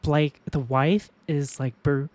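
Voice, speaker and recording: A woman streamer with a low voice tells stories to her viewers in a casual, animated way. She swears a lot and laughs often, and the sound is dry and close. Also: takes it slowly, dry recording.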